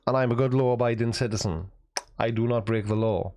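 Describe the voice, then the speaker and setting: A man's voice: medium pitch, fairly even intonation, a little fast, a little mellow, slight background noise. Male streamer, dry self-deprecating humor, casual chat with viewers, mid-range voice. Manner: wry, self-mocking banter. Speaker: livestream host reading chat.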